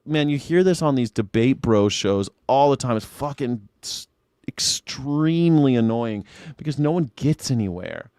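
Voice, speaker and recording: Ranting male livestream host, lively pitch. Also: normal speed, dry recording, studio quality. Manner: ranting, mocking callers' phrasing. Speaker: talk show host. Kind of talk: casual livestream chat.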